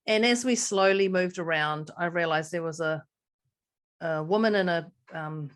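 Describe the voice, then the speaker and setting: A middle-aged woman, co-hosting a podcast in casual chat, a lively storyteller who laughs often. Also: on the low side, normal speed. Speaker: podcast co-host.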